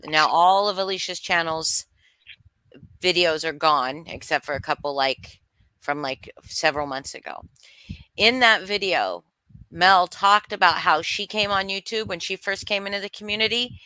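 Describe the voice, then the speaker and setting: Livestream host, woman, forceful bright tone, close dry sound, blunt and profane. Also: lowish voice, normal speed, smooth, no room sound. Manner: blunt, swearing, greeting chat viewers. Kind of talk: heated livestream commentary.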